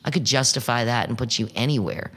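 A man in mid pitch holds forth in a loose interview, cursing and pressing every point with animated emphasis. His voice rings out in a room with a long, trailing reverb. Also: fast. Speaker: improv performer and teacher. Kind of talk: casual interview talk.

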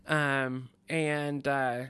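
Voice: mid-range voice, level tone, very slow, a bit bright, smooth, dry recording. Rambling podcast storyteller, dry sound. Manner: rambling, many fillers and restarts. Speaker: podcast co-host. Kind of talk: casual storytelling chat.

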